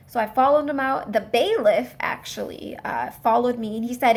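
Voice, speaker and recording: A young woman telling a story to her phone, animated and indignant, acting out the voices of the people in it. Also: fairly high pitch, moderate pace, few pauses. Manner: animated, indignant retelling with quoted dialogue. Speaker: vlogger. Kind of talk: storytime vlog.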